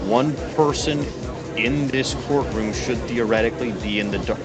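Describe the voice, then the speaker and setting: A man streaming a game, reading courtroom lines in a theatrical, lowered voice with crude asides, faint music behind. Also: moderate pace. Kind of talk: dramatic game dialogue reading.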